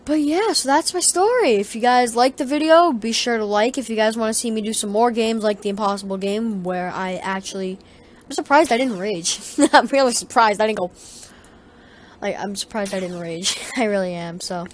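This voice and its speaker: A woman's voice: a little high, moderate pace, a little hiss or hum. Swearing, rambling woman telling a story. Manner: profane, rambling and animated. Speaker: vlogger. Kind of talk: casual storytelling.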